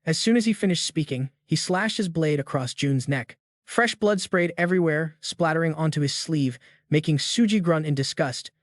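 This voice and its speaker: A man narrates a story recap in a steady, scripted way. His voice is a little high and the sound is dry and close. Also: normal speed, no echo.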